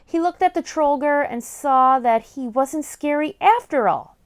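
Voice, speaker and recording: A woman reads a children's picture book aloud, high-voiced and very animated. She reads slowly and expressively, letting the story sink in for young listeners. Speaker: story time host.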